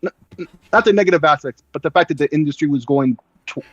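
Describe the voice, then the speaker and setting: A man's voice: on the high side, fast, breathy edge, no room sound. A man co-hosting a gaming podcast, giving his opinions at length and filling his talk with "you know". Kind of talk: casual gaming podcast chat. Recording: dull, dry mic.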